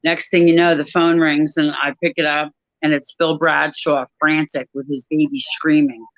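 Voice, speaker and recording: A woman giving a personal testimony about her work at an airline crew desk, talking in a halting way with many pauses and restarts. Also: low voice, little pitch movement, no room sound, muffled recording.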